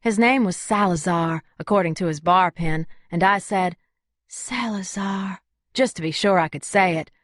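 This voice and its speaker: A woman's voice: on the low side, normal speed, few pauses, no room sound, studio quality. A woman narrating a first-person audiobook in a wry, conversational way.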